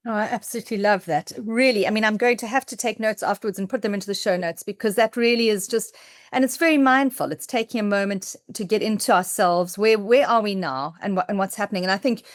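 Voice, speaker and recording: A woman's voice: mid-range voice, quick pace, no room sound, studio quality. Enthusiastic woman podcast host. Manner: enthusiastic, reflective, talks through her own thoughts. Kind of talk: podcast interview.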